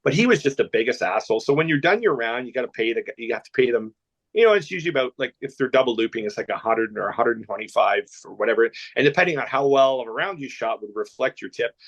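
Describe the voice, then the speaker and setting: A man's voice: medium pitch, expressive, fast talker, fairly bright tone, lo-fi sound. A Canadian man telling rambling anecdotes on a podcast, with many restarts and laughs. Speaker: podcast guest. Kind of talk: casual storytelling chat.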